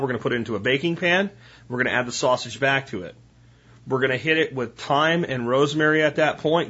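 A man's voice: medium pitch, pushed and bright, breathy edge, muffled recording. A man hosting a podcast, chatting through cooking tips in a casual, instructional way with frequent "right?" asides. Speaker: podcast host. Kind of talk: casual solo podcast talk.

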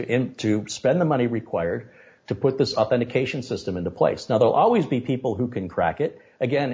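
A man being interviewed on a podcast, telling stories and making animated, opinionated points. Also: mid-range voice, dull audio. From United States. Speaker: guest, tech video maker.

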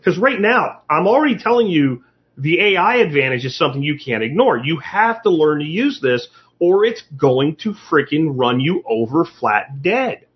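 A man speaking in a blunt, emphatic, profane monologue, building his argument with rhetorical questions. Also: on the high side. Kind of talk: casual monologue. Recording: dull lo-fi sound.

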